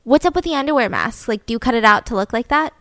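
Woman acting out pushy detectives, loud, exasperated, high voice, dry sound. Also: expressive, fast, no room sound. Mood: pressing. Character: intense male police detectives pressing a suspect.

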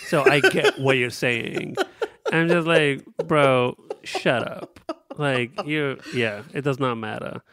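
A young man chats on a podcast, telling stories against himself and acting out what he said. His voice is smooth and resonant. The sound is close and dry, with no room around it. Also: mid-range voice, slow pace, fairly bright tone, no room sound. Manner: self-mocking storytelling, acts out his own lines. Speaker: podcast co-host and comedian. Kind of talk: casual chat.

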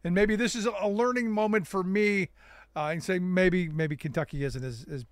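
A man's voice: sits high, moderate pace, dry recording, studio quality. A man co-hosting a casual political talk show, hesitant and wry, with many restarts. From United States. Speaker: co-host.

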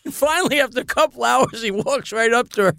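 A man spins rowdy anecdotes in a high, gravelly voice. He gets animated and breaks into laughter at his own punchlines. The sound is close and dry. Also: fast talker, no echo. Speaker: guest comedian. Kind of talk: casual storytelling.

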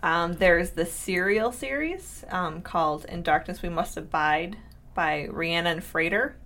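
Chatty lady podcaster, kinda low voice, laughs a lot, trips over names. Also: unhurried, fairly bright tone. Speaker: podcast co-host. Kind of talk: casual chat about books.

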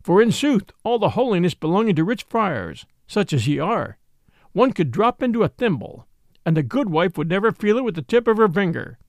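Guy doing a cheeky storybook outlaw boss, jaunty old-timey talk, higher and gravelly. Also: sing-song, moderate pace, no room sound, clean studio sound. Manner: jaunty, teasing, old-fashioned speech. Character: bold merry outlaw leader, grown man, cheeky.

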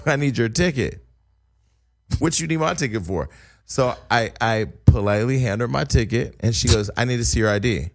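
On a podcast, a man casually tells a long, funny story, animatedly acting out the voices of the people in it and laughing as he goes. His voice is mid-range and gravelly.

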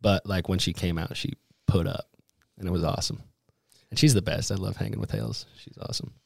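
Laid-back young man, low voice. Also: fairly quick, vocal fry, no echo, studio quality. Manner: laid-back, slangy storytelling with many fillers. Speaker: guest, pro snowboarder. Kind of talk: casual podcast chat.

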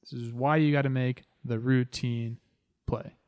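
A man in his thirties hosting a podcast, telling a story in a casual, animated way. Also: mid-range voice, measured pace, smooth, dry recording, clean studio sound. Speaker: podcast host.

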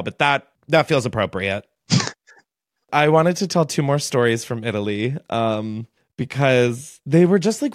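A young man hosts a casual storytime podcast, chatting in a loose, gossipy way and scattering "like" through every sentence. His voice sits at an ordinary pitch for a man. The sound is dry and close, with no room echo. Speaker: podcast host.

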